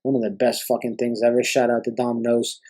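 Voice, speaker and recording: A man's voice: medium pitch, flat delivery, quick pace, darkish tone, rough recording. A young man hosting a podcast, ranting in an exasperated, profane way. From Canada. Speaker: podcast host.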